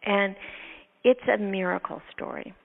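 A woman host telling a story from her work in a lively, animated way, now and then laughing and acting out her own thoughts. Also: mid-range voice, unhurried, creaky. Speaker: neurotherapist and podcast host. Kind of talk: storytelling in casual chat. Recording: tinny phone-line sound with long reverb.

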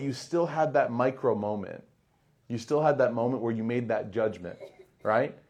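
A man giving a religious talk to a live audience, conversational and quick to act out everyday scenes in little voices. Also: on the low side, lively intonation, a little mellow. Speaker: Islamic lecturer.

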